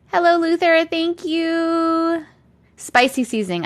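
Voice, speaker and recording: A woman's voice: a little high, animated, moderate pace, a bit bright. A young woman hosting a livestream, chatting casually and greeting viewers by name with frequent giggles. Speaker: host reading viewer comments on a livestream.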